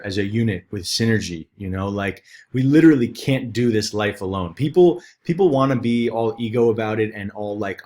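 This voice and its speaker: Man, podcast host, low voice, earnest, enthusiastic, casual chat. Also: darkish tone. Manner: earnest and enthusiastic, with many restarts. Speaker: podcast host, detox coach.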